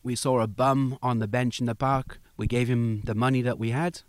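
Male interview guest, lively storyteller who voices his characters; middle pitch, dry close recording. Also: moderate pace, no room sound. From United Kingdom. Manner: animated storyteller acting out quoted voices. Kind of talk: storytelling in a conversation.

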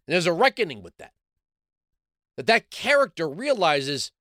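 A man's voice: high voice, very animated, moderate pace, fairly bright tone, dry recording, studio quality. A middle-aged man, hosting a talk show and delivering an opinionated monologue full of rhetorical questions. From New York City. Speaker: radio talk show host.

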